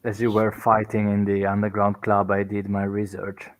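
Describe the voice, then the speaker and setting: A man's voice: on the low side, monotone, moderate pace. A man chatting easily as a player in a tabletop game. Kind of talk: casual chat.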